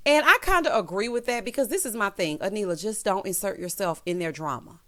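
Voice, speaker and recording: A woman's voice: mid-range voice, lively intonation, a little fast, a bit bright. Sassy chatty woman vlogger. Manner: sassy, chatty, talks straight to the cast. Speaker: recap vlogger. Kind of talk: casual reality-TV recap.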